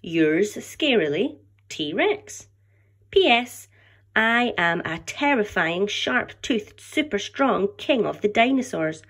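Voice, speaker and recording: A woman's voice: mid-range voice, big pitch swings, takes it slowly, a bit bright, husky, pitched above the performer's own voice, heavily acted. A woman reading aloud as a boastful male Tyrannosaurus who claims to eat children. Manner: boastful and mock-menacing. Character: boastful male T-Rex, loud and scary.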